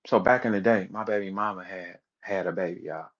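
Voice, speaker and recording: Over a dull, lo-fi audio stream, a man speaking in an online audio room delivers a heated, swear-filled rant. His low voice runs a little fast as he tells stories with animation and imitates the voices of others.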